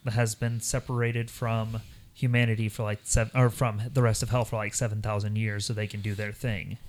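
A man co-hosting a podcast, talking in a rambling, animated way and putting on voices when he quotes people. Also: on the low side, normal speed, a little hiss or hum. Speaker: podcast co-host. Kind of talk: casual chat.

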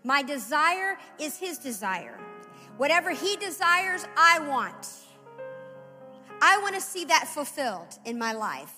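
A woman preaching a sermon in a church, building from quiet reflection to fervent exhortation. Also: high-pitched, very animated, measured pace, long reverb tail, faint music behind. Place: church hall.

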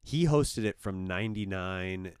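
Laid-back low-voiced Southern California man. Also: lively intonation, measured pace, clear, resonant tone, no room sound, studio quality. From Orange County, California. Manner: laid-back, rambling, full of "kinda", "like" and "dude". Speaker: podcast guest, comedy show organizer. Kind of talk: casual chat.

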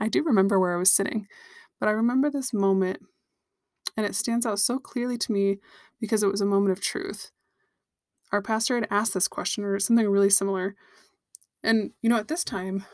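A woman's voice: mid-range voice, no echo, studio quality. A woman hosting a Christian podcast, sharing a personal story and teaching in an earnest, direct way to her listeners.

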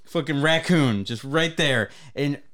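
A man's voice: fairly high pitch, a little slow, background noise. A man from Michigan, a podcast co-host, telling rambling, profane anecdotes in casual chat. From Michigan, USA.

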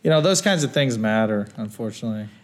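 A man's voice: mid-range voice, animated, fast. A man co-hosting a podcast, talking things through in a thoughtful, hedging, curious way. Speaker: podcast co-host. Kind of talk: casual chat.

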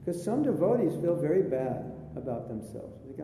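A man as spiritual teacher giving a chatty sermon with jokes, in a live recording from an echoey hall with a faint rumble. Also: very animated, moderate pace, hardly any pauses, warm tone. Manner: chatty storytelling, jokey asides.

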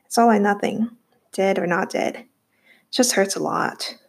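A woman voicing a chatty, cheeky twelve-year-old boy in a read-aloud story, with a slightly raised childlike pitch. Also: measured pace, creaky, slightly rough. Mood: cheerful.

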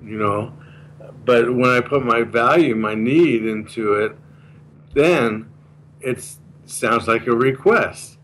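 A man's voice: medium pitch, slow pace, fairly bright tone, a little hiss or hum, low-quality recording. Earnest man explaining step by step. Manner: earnest, explanatory, repeats key points. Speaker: guest explaining a communication course. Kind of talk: casual interview chat.

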